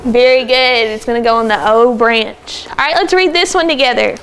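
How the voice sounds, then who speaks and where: High-voiced woman teaching a class. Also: a little hiss or hum. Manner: encouraging, brisk, calls on pupils by name. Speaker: second grade teacher. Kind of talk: classroom phonics lesson. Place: classroom with children.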